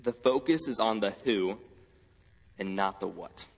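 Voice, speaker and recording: Male preacher, husky voice, earnest sermon, slow scripture reading, long hall reverb. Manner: earnest, reads scripture slowly, rises in pitch when quoting cries.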